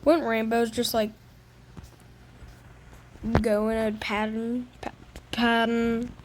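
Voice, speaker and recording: Playfully whiny high-voiced woman gamer. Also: level tone, slow pace, background noise. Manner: playfully whiny, fake crying over bad loot. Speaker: gaming video creator. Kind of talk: casual gameplay commentary.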